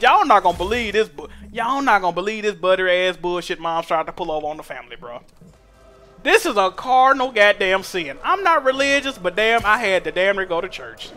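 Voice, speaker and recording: A young man streaming a game, telling stories in animated, profane slang. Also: high-pitched. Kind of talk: casual chat while gaming.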